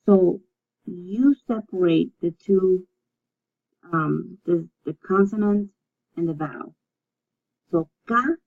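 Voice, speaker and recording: A woman leads a recorded language lesson, taking her time and repeating each word so learners can follow along. Her voice has a gravelly, fry-tinged texture and an unhurried pace. The recording sounds dull and lo-fi. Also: on the low side. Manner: slow, patient, repeats words for practice. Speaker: Spanish teacher.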